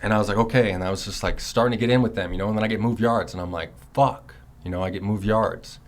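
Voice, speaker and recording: A man's voice: lowish voice, rapid-fire. A man in his thirties telling a long story in a casual, rambling way, full of swearing and "you know"s. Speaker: son recounting his prison years.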